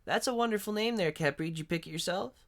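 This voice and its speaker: Man doing a scruffy old dwarf junkyard owner, folksy drawl, howdy and y'all, much higher than his usual voice. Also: fast talker, a bit bright. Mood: charmed. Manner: folksy, swears freely, says howdy and y'all.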